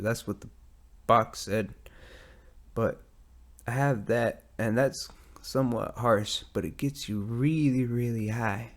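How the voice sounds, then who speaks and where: A man with an American accent hosting a casual solo podcast, rambling and profane, recording at night in a metal garage. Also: mid-range voice. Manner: profane, rambling, self-deprecating. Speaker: podcast host. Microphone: studio mic with headphones.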